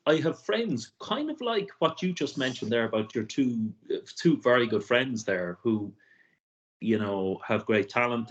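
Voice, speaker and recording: A man interviewing a guest, reflective and agreeable in a relaxed chat. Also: mid-range voice. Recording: dull lo-fi audio.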